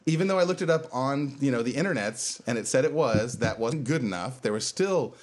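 A man's voice: medium pitch, a little fast. Laughing, storytelling podcast host man. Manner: animated storyteller, laughs through his punchlines. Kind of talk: casual chat.

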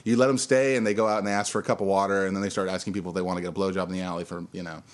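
A man's voice: low-pitched, fairly even intonation, racing. A man, a bartender and podcast co-host, telling a story in a candid, profane, casual way. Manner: candid, profane, laughing now and then.

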